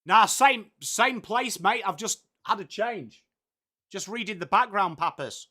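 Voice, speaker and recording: A man with an English accent hosts a live football watchalong, calling the play in loose, chatty commentary. His voice sits high and sounds bright. He swears now and then and answers his viewers' comments. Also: lively intonation, a little slow. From England.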